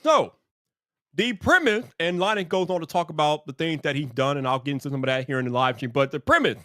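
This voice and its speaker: A man's voice: a little high, a little fast, pushed and bright, no room sound, clean studio sound. A man hosting a casual livestream, greeting chat viewers by name and sounding exasperated. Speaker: livestream commentary host.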